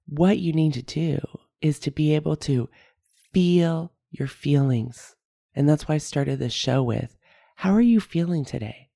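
A woman hosts her own reflective solo podcast, speaking candidly about her feelings, often laughing at herself and repeating key phrases. Her deep voice is creaky and dark-toned, and the clean studio recording has no room sound.

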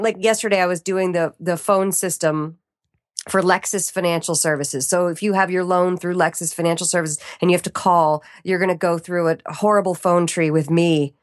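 A woman voiceover artist chatting as a podcast guest, animated and playful with quick asides. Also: lowish voice, dry recording, clean studio sound. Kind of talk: casual chat.

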